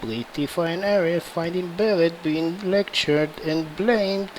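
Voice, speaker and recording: A man narrating a fan-made game story over footage, in a slow, plain retelling. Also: a little high, a little hiss or hum, rough recording.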